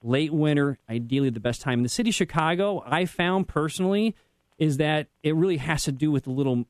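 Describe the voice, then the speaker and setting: A man's voice: on the high side, a little fast, no room sound. A man speaking as a realtor guest on a radio show, giving advice in a rambling way with many restarts.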